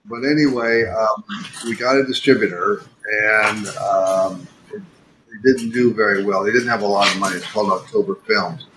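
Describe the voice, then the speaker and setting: An older man tells a story in a low, unhurried voice, full of ums and restarts. A steady noise sits under the recording. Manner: rambling, many fillers and restarts. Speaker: podcast guest, animator. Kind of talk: casual storytelling.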